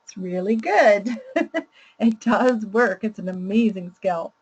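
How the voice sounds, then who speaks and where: Expressive woman teaching parenting skills. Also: mid-range voice, takes it slowly, husky, muffled recording. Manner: warm, explanatory, laughs readily. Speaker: parenting educator. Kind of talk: teaching presentation.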